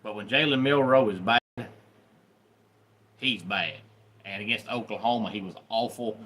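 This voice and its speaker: A Southern man from the Deep South hosts a casual live stream, greeting viewers one by one in a chatty way. His voice is on the low side but bright and forceful. A faint hiss sits under his talk. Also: a little slow. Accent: Southern American. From Deep South, USA. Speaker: livestream host.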